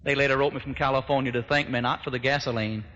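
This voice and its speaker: A man preaching a sermon, telling a folksy story in an animated way as an old-fashioned gospel pastor. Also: medium pitch, fast talker, a little hiss or hum. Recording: echoey hall, dull lo-fi sound.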